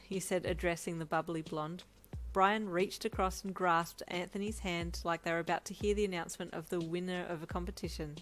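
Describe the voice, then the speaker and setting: A woman reading a second-person fan story aloud with lively, expressive narration. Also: on the low side, a little fast, low-quality recording. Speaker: fanfic narrator.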